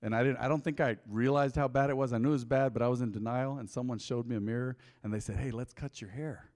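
A middle-aged man preaching a sermon in a church, telling candid stories from his own life and building to a loud, fervent prayer. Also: mid-range voice, steady tone, quick pace. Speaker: pastor. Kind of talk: sermon with personal testimony. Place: church sanctuary. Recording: long church hall reverb.

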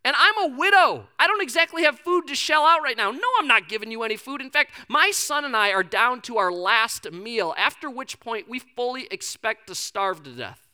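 A man voicing an irritated, starving widow woman in a high, indignant voice, acted out within a sermon. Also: expressive, normal speed, few pauses, pushed and bright. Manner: shrill, indignant.

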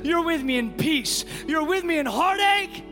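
A man's voice: extremely high pitch, lively intonation, a little slow. A man preaching a fervent sermon to a congregation in a church, building through repeated declarations. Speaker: pastor. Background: music.

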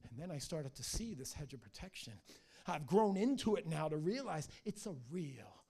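Gravelly, animated male pastor preaching. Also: fairly high pitch, normal speed. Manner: animated storytelling, restarts and stammers. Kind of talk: sermon. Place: church.

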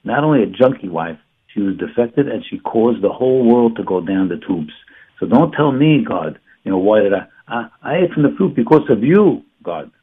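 A man's voice: lowish voice, big pitch swings, normal speed, breathy edge. A man acting out a defiant grown man who shifts all the blame, with an indignant, accusing manner, in a lesson. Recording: tinny phone-like sound.

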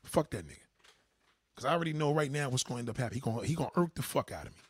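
A man hosting a livestream, delivering a profane, heated rant at his chat and swinging from low mutters to high outbursts. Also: lively intonation, very fast, breathy edge, no room sound, clean studio sound. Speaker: livestream host. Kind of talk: ranting monologue to a live chat.

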